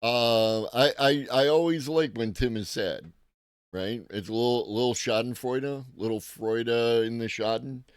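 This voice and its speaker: A man's voice: mid-range voice, measured pace, clear, resonant tone, no room sound, studio quality. A man hosting a live tech-news commentary stream, talking casually and profanely with a rambling manner while greeting chat viewers.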